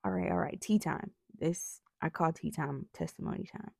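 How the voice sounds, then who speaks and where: Here a young woman vlogging about faith talks earnestly about prayer, repeatedly checking in with "right?" Her voice sits low with vocal fry and a darkish tone, at a moderate pace. Retainers lend a slight lisp, and there's no echo.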